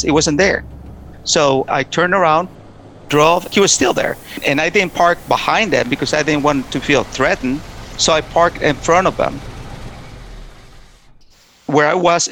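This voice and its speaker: Man, personal testimony storyteller, slightly high voice, earnest and emotional, loose retelling with restarts. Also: a bit bright, a little hiss or hum. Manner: earnest, emotional, repeats himself. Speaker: testimony speaker.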